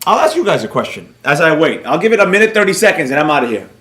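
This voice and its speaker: Male livestream host, bright and animated, roomy echo. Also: fairly high pitch, racing. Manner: animated, joking, addresses chat viewers by name. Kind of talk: casual livestream Q&A.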